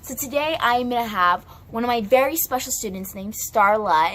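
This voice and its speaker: A woman's voice: fairly high pitch, normal speed, hardly any pauses, fairly bright tone, slight background noise. A woman hosting a casual video in a bubbly, playful manner. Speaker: video host.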